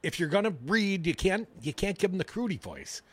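A sardonic man hosting a political talk radio show, with a lively, swooping delivery pitched a touch high. He reads news stories into a dry studio mic and breaks off into wisecracks. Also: brisk, no echo. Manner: wisecracking, reads news items aloud with sarcastic asides. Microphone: studio microphone.

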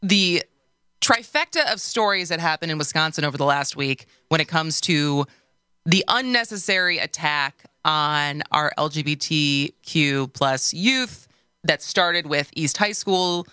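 A woman's voice: sits low, animated, a little slow, sharp tone, clear, resonant tone, dry recording, clean studio sound. A woman hosting a radio talk show, sarcastic and loose, rambling as she searches for words.

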